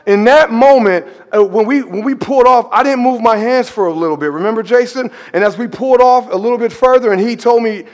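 High-voiced man preaching in a reverberant church hall. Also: brisk, few pauses. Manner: animated, conversational preaching, drops to hushed emphasis. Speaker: pastor. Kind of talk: storytelling sermon. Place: church sanctuary.

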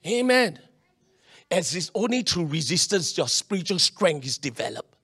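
High-voiced pastor preaching. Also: male voice, normal speed, slightly rough. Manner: animated, acts out quoted voices, swings between loud and quiet. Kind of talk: sermon.

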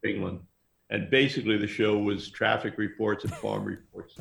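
Casting: low gravelly male storyteller, rambling anecdotes, roomy echo. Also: flat delivery, moderate pace, fairly bright tone. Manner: rambling, anecdotal, laughs often. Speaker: music manager guest. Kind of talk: casual storytelling interview.

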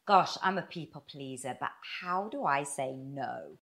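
A woman interviewer asking questions and candidly admitting her own habits, with halting restarts as she talks. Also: a bass voice, lively intonation, fairly bright tone. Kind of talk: conversational interview.

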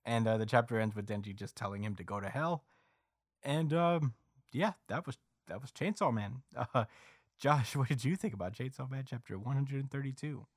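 A man's voice: medium pitch, normal speed, dry recording, clean studio sound. A man on a podcast recapping a story chapter in casual chat, rambling with lots of fillers. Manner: rambling recap with many fillers, acting out quotes.

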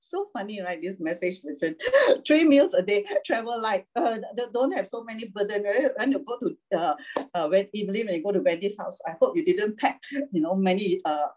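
Warm, husky woman preaching chattily. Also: medium pitch, lively intonation, brisk, poor audio. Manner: chatty, laughs often, checks in with "okay?" and "right?". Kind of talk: informal sermon.

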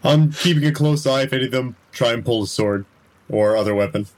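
A man's voice: mid-range voice, brisk. Offhand man at a tabletop game. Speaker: player. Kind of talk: casual tabletop game chat.

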